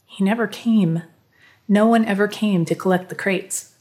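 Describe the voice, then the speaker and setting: A woman's voice: medium pitch, normal speed, darkish tone, lightly acted. A woman voicing a weary, dutiful father. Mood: exhausted. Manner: tired, grows weak and rasping. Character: weary American father, middle-aged man, dutiful.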